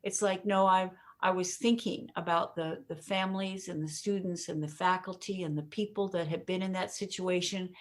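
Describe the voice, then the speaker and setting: A woman speaking as an interview guest, explaining how to deliver a message, acting out her points with pauses and stretched words, often laughing. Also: fairly low pitch. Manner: expressive, demonstrates delivery with pauses and emphasis; laughs often while talking. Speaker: communication coach, guest.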